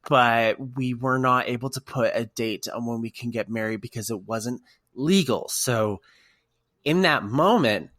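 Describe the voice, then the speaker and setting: A man co-hosting a casual podcast, telling stories in an emotional, animated way. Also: mid-range voice, dry recording, studio quality. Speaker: podcast co-host.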